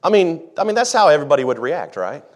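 A man preaching a sermon, who jokes with the congregation and acts out scenes, swinging from hushed asides to shouting. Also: a little high, sing-song, quick pace. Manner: dramatic, acts out the disciples' panic, swings from quiet to shouting. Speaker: pastor.

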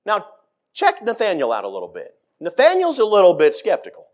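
A middle-aged man preaching a sermon, acting out scripture quotes with dramatic swings in pitch and loudness. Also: huge pitch swings, a little fast.

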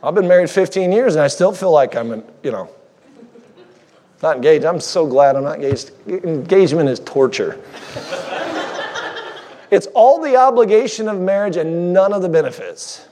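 A man's voice: on the high side, expressive, normal speed, pauses often, dark tone. A man preaching a sermon as a guest speaker, conversational and joking with the congregation, married fifteen years.

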